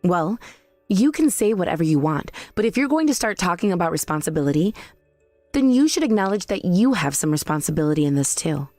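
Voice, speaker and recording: A woman voicing a calm, pointed young daughter-in-law in a text-message story drama. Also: lowish voice, fairly quick, dry recording, faint music behind. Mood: cutting. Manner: calm, cutting.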